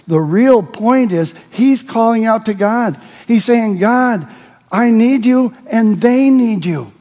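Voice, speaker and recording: Pastor, male, high tenor voice, sermon with passionate shouted verses, long church reverb. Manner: preaching, rising to shouts on scripture. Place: church sanctuary.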